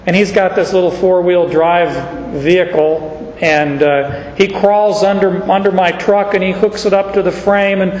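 Man preaching, higher voice, folksy storyteller, echoey hall with long reverb, slightly muffled. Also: steady tone, a little slow, hardly any pauses, a little mellow, a little hiss or hum. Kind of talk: sermon with personal story.

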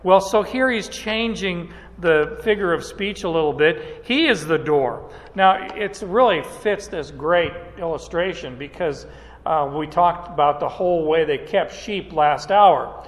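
Slow-talking male Bible teacher in a reverberant hall. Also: on the high side. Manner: unhurried, with frequent "uh" pauses and restarts. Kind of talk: verse-by-verse Bible lecture.

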